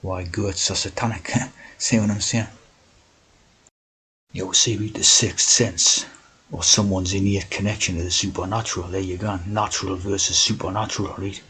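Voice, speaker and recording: A man's voice: deep voice, steady tone, moderate pace, pauses often, bright, forceful tone, slightly rough, low-quality recording. A man talking in a rambling monologue, constantly tagging his sentences with "right?" and "you know".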